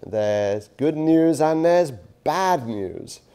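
A man's voice: on the high side, lively intonation, drawn-out words, dark tone, smooth, heavily acted. A man acting out a male doctor who delivers grim news in a casual, matter-of-fact way. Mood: deadpan.

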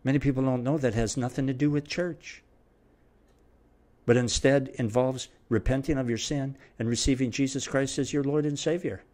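A man's voice: mid-range voice, fairly even intonation, normal speed, darkish tone. Middle-aged male preacher, mid-range voice, emphatic and repetitive sermon delivery. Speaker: preacher and Bible teacher. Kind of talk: verse-by-verse sermon.

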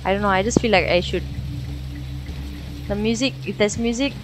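A woman's voice: medium pitch, moderate pace, music in the background, poor audio. A young woman, swearing and nervously chatting through a horror game. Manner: jumpy, swearing, slangy banter. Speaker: gamer.

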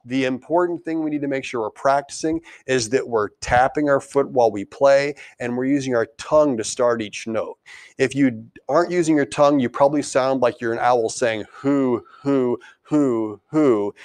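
A man's voice: mid-range voice, normal speed, dry recording. Patient male band teacher. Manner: counts and chants beats aloud; patient, clear explaining. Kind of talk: instructional music lesson.

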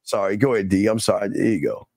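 A man hosting a casual talk show, animated and preachy, often repeating himself. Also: fairly low pitch, fast, creaky, no echo, clean studio sound. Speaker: podcast host.

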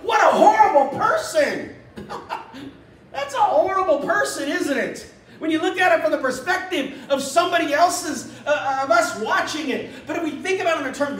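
A man preaching a sermon as pastor, animated, acting out a scripture story in quick little voices. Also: very high voice, slight background noise. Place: church. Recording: echoey church room from a distance.

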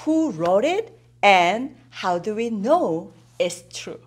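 Slow, lively woman preaching. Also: mid-range voice. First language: Korean. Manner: emphatic, repeats key points, asks the children questions. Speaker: children's worship teacher. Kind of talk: children's sermon.

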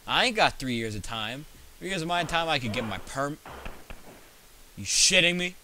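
A man's voice: mid-range voice, expressive, a little fast, background noise. A teenage boy hosting his own gaming video, joking and rambling through stories as he plays. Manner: goofy, joking, rambling storyteller. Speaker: gaming channel host. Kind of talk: gameplay commentary. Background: game music.

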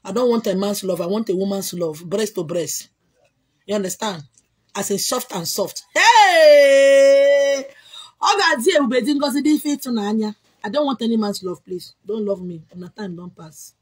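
A woman with a Nigerian accent hosting a casual livestream, answering viewer comments in an emphatic, repetitive way with loud exclamations. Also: medium pitch, normal speed, slightly rough. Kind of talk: casual chat.

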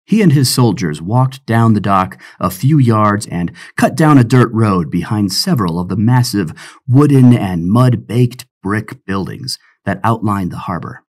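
A man narrating an adventure audiobook with expressive storytelling. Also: fairly low pitch, measured pace.

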